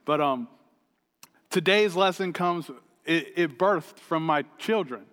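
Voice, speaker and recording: A man in his thirties preaching a sermon, energetic and chatty, telling a family story with laughs. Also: a little high, takes it slowly, clear, resonant tone, in a large hall. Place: church hall stage.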